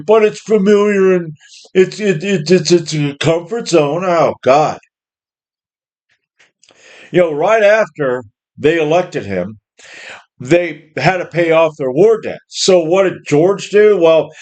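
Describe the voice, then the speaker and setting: A man's voice: on the high side, lively intonation, measured pace, a little mellow. Angry swearing man ranting. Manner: profane, angry, rambling. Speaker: worker ranting about jobs. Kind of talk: angry monologue rant.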